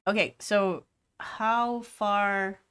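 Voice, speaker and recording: A woman narrating as game master in a tabletop game, describing scenes in a loose, halting way. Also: medium pitch, steady tone, fairly bright tone, clear, resonant tone. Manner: descriptive, with many fillers and restarts.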